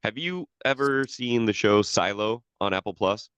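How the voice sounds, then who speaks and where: A man's voice: lowish voice, normal speed, a bit bright, clean tone, no echo. A man co-hosting a podcast in casual chat, rambling with lots of restarts and casual swearing. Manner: rambling, profane, many restarts. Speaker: podcast co-host.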